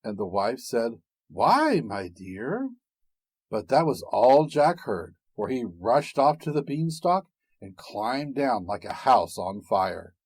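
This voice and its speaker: A male storyteller reading a fairy tale slowly and with great expression, his pitch rising and falling widely. His voice is husky and the recording is dry and close. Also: dry recording. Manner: expressive, unhurried, dramatic.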